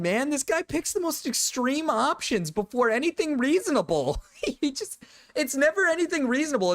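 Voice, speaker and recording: A woman streamer giving casual reaction commentary, rambling and profane, laughing often. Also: fairly high pitch.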